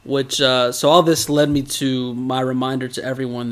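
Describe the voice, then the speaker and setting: Man, podcast co-host, casual recap, animated, laughs often. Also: mid-range voice, normal speed, hardly any pauses.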